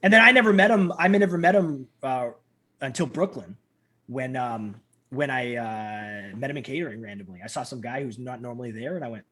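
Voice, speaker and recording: A man in his thirties, a guest telling stories in a casual interview, animated and acting out quoted lines. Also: brisk. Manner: animated, acts out quotes with big pitch jumps.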